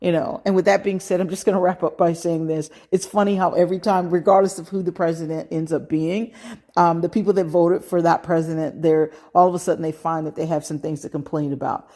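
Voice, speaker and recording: A woman's voice: on the low side, steady tone, a little fast, warm tone. Middle-aged American woman host, casual advice monologue, emphatic delivery with "okay" asides. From United States. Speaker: podcast host.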